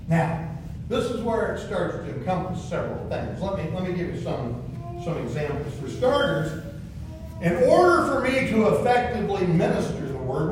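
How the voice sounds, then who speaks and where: Folksy pastor in echoey church. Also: male voice, on the high side, noisy background. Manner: folksy, repeats words, asks the congregation questions. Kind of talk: sermon. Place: church sanctuary. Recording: very echoey room, distant from the mic.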